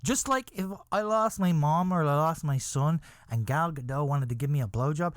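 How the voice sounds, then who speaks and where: A man hosting a comedy podcast, telling a crude mock-serious story in a rambling way and breaking into high wailing cries. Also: animated, normal speed, few pauses, no echo, studio quality. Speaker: podcast host.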